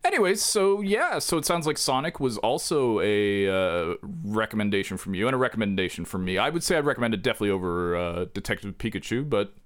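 A man's voice: on the low side, fast, hardly any pauses. A man co-hosting a casual podcast, rambling and correcting himself as he goes. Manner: rambling, animated, self-correcting. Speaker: podcast co-host. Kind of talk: casual chat.

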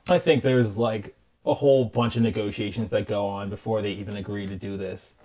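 A man with a low, mellow voice co-hosts a casual podcast chat. He rambles through skeptical opinions, leaning on lots of "like" and "you know". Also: fairly even intonation, a little fast. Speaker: podcast co-host.

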